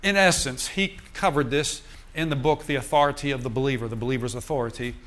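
An older man preaching in a church, telling a personal story to the congregation in lively storytelling fashion with chuckles. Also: mid-range voice, fast talker. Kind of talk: sermon testimony.

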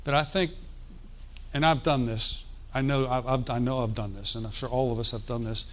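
Folksy preacher man, mid-pitched. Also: fairly even intonation, moderate pace. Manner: conversational, folksy, with joking asides; asks the congregation for responses. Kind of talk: sermon.

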